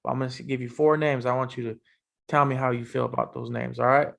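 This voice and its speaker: A man hosting a casual sports interview podcast, talking in a relaxed, loose way with many fillers. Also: mid-range voice, fast talker, vocal fry. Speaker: podcast host.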